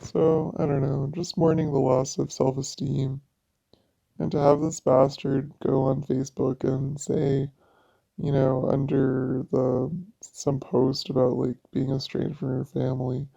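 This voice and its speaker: A woman's voice: a bass voice, little pitch movement, a little slow, mellow. A woman in a personal vlog monologue, venting in a raw, profane way. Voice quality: gravelly vocal fry. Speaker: vlogger. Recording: dull lo-fi audio.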